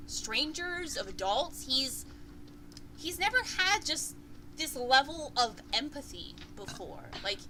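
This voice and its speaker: Bright-voiced woman running a tabletop game. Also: sits high, slow pace, a little hiss or hum, rough recording. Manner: animated, chatty narration with fillers. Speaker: game master.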